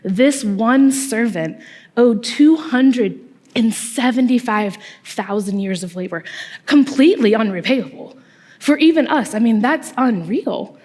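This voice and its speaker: A woman's voice: a little high, expressive, a little slow, darkish tone. A young woman, a small group leader, giving a conversational youth-ministry sermon with asides and tag questions in a church hall. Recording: long reverb from a large hall.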